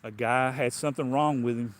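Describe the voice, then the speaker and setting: A man's voice: medium pitch, fairly even intonation, brisk. A man with a Southern US accent preaching a livestreamed sermon in a folksy, colloquial way, often repeating and restarting his phrases.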